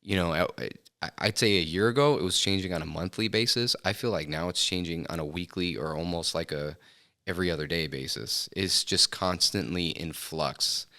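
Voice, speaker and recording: A middle-aged man talking as a podcast interview guest, thoughtful and halting, with frequent fillers and restarts. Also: deep voice, bright, forceful tone. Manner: reflective, hesitant with many fillers and restarts. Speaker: filmmaker guest. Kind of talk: casual interview chat. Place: podcast studio.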